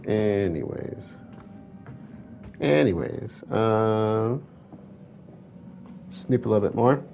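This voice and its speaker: Guy doing let's play commentary, kinda low voice, rambly and self-correcting, muffled mic with a little hiss. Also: moderate pace. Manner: chatty, reads game text aloud, self-correcting. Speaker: gameplay commentator. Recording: dull lo-fi with faint hiss.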